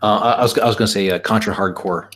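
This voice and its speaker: A man's voice: on the low side, fairly even intonation, quick pace, fairly bright tone. A man hosting a stream, chatting casually and joking, rambling with fillers and restarts. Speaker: stream host. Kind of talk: casual group chat.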